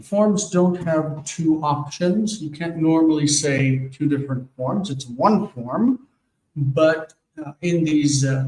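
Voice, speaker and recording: A man teaching grammar at an unhurried, deliberate pace, stopping often to check that his students follow. His voice sits a little high for a man and sounds distant from the mic. The room around him is echoey. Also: a little mellow. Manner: slow, patient explaining with frequent "okay?" checks. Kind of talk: online grammar lesson.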